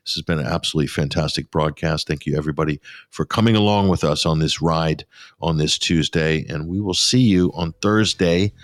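Man, very deep voice, radio host, sarcastic commentary, dry studio sound. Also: brisk, dry recording. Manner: sarcastic, scornful. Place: pop-up studio.

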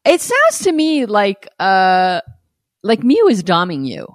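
Lively woman teasing her co-host. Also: medium pitch, no room sound. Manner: teasing, quick to laugh, gives frank relationship advice. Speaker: podcast co-host. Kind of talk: casual chat.

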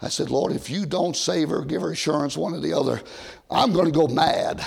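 An older man preaching an old-time sermon from a church pulpit, rising to loud shouted emphasis and dropping to quiet asides. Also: fairly high pitch, fairly quick, vocal fry, breathy edge. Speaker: pastor.

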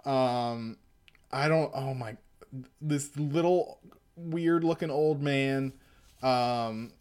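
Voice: mid-range voice, drawn-out words, a little mellow, smooth. A podcast host casually recapping and reading a comic aloud, laughing and swearing freely. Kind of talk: casual chat and read-aloud.

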